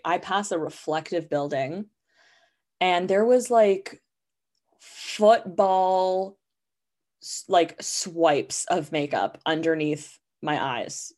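A young woman hosts her own podcast and rambles through a casual story. She has a slightly low voice and fills her sentences with "like." Her delivery is loose, candid and conversational. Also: darkish tone. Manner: rambling, chatty, heavy use of "like" fillers. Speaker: podcast host.

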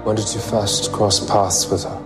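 An actor playing a suspicious man who presses an old friend with low, steady questions, heard in a TV clip. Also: a little slow, lightly acted. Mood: probing. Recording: TV clip with loud music behind.

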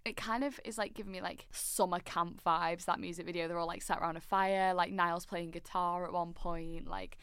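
A woman co-hosting a podcast in casual chat, chatty and excitable, often breaking into sung snippets. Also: fairly low pitch, moderate pace, few pauses, clean tone, dry recording, studio quality. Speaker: podcast co-host.

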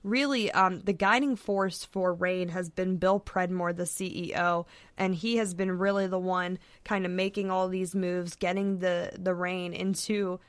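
A woman's voice: fairly low pitch, steady tone, unhurried, no echo. A woman guest on a podcast talking casually, with frequent fillers and restarts. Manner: chatty, many fillers and restarts. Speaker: podcast guest, soccer writer.

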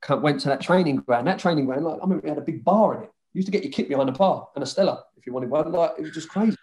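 Rapid-fire and on the high side, with a darkish tone, this man's voice carries rowdy football-days stories as a former player guesting in a casual chat. Swearing heavily and laughing often, he also mimics others.

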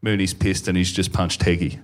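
A man's voice: deep voice, flat delivery, a little fast, noisy background. A man co-hosting a live comedy podcast, throwing in dry teasing quips. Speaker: podcast co-host.

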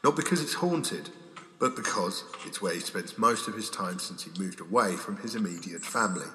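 A man doing dry, measured mock-documentary narration. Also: lowish voice, natural voice.

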